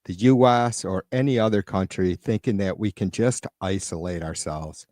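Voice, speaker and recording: A man's voice: low-pitched, moderate pace, darkish tone, dry recording, studio quality. A man hosting a live stream, reading viewer comments aloud and ranting with frequent profanity and irritation. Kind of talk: casual live-stream rant. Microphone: computer mic on a live stream.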